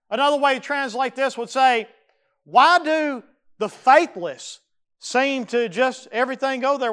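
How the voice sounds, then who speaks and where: A man's voice: high-pitched, fairly bright tone, clean tone. A man preaching a sermon. He speaks emphatically, repeats key phrases and adds folksy asides. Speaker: pastor.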